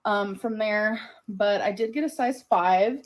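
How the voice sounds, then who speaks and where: A woman's voice: mid-range voice, a little slow. A woman narrating a clothing try-on haul video in a bubbly, gushing way, often calling things cute and saying "like". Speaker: vlogger doing a clothing haul.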